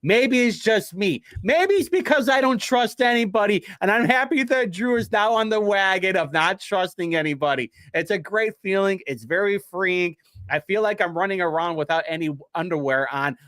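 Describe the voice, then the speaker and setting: A man's voice: high voice, a bit bright, no room sound, studio quality. A man from hosting a show, reading from documents in a casual, sarcastic, rambling way with frequent self-interruptions. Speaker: show host.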